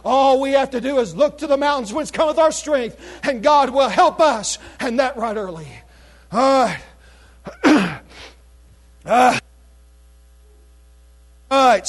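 A male preacher with a very high voice delivers a sermon that is losing its strength, since he is losing his voice. He reads old scripture in a measured way and breaks into shouted exclamations to his congregation. His high pitch stays the same throughout. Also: lively intonation. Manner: reads scripture in King James wording.

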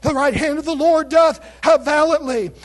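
A male preacher with a very high voice delivers a sermon that is losing its strength, since he is losing his voice. He reads old scripture in a measured way and breaks into shouted exclamations to his congregation. His high pitch stays the same throughout. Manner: reads scripture in King James wording.

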